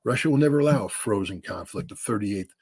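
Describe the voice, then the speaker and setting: A man speaking in a husky, slightly rough voice, recorded dry and close. He gives blunt, emphatic commentary as an interview guest. He often restarts phrases and drops casual slang. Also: lowish voice, expressive, fast talker, no room sound. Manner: blunt, emphatic, repeats words, says dude.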